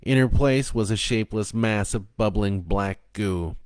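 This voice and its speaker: A man narrating a dark story in a slow, even, low-key reading voice. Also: clean tone, dry recording.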